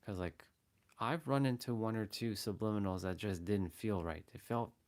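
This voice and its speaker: With a fairly low, slightly mellow voice and a moderate pace, a man hosts a casual motivational livestream. He talks earnestly, going over the same phrases repeatedly to show different deliveries.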